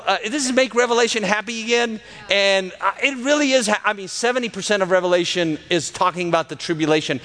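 Man in his thirties, high voice, church testimony, excitable storyteller, acts out dialogue. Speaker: guest speaker at church, cardiologist. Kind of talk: testimony sermon to a congregation.

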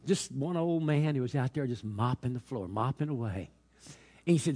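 A man's voice: medium pitch, moderate pace, dark tone. A man preaching a sermon, telling stories and building to fervent exhortation, with many repeated hallelujahs.

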